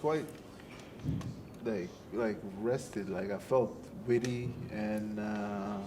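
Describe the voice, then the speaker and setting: A middle-aged man, a former boxer, telling his story in an interview. He speaks softly and haltingly, often repeating words as he recalls events. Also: lowish voice. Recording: noisy on-site recording.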